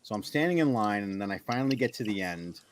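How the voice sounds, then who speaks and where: A man casually telling a story to friends in a profane, self-deprecating way, with loud outbursts. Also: lowish voice, animated, fast, slight background noise.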